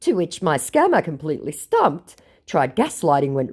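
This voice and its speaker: Woman narrator, mocking and blunt, lively pitch, comic scambait retelling. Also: unhurried, breathy edge. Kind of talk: comedic storytelling.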